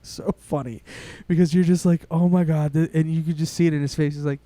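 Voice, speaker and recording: A young man, co-hosting a podcast and telling a long story in a rambling, excitable way, swearing often. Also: fairly high pitch, quick pace, no room sound. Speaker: podcast co-host. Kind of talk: casual storytelling chat.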